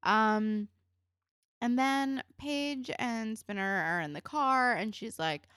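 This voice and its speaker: A woman's voice: a little high, slow, smooth, no room sound, studio quality. A woman co-hosting a podcast, chatting casually and laughing as she recaps a TV episode. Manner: chatty, animated, swears, laughs while talking. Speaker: podcast co-host.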